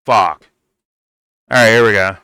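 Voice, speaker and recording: Ranting male reaction host, low voice, dry close mic, blunt and profane. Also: unhurried, bright, forceful tone, clean tone, no echo. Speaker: commentator reacting to a debate clip.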